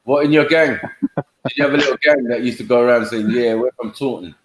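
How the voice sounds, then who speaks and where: A man's voice: mid-range voice, steady tone, fast talker, slightly rough. A man telling stories in a casual online panel chat.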